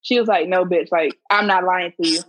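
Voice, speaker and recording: A young woman hosting a podcast, telling a story in casual chat, animated and swearing freely, acting out quotes. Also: on the low side, brisk. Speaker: podcast host. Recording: muffled lo-fi recording.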